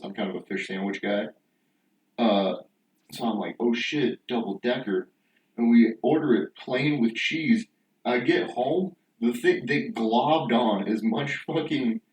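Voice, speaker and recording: A young man co-hosting a podcast, talking crudely and laughing through loose casual chat. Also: lowish voice. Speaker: podcast co-host. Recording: echoey room, distant mic, faint hiss.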